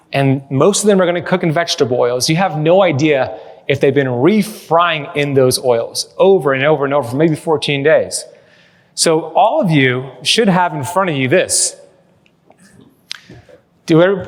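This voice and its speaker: A somewhat high-voiced man delivers a lively keynote to a live crowd, mixing jokes into his storytelling. His voice rings out with the long reverb of a big hall. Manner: energetic, joking storyteller. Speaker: keynote speaker. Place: large hall with live audience.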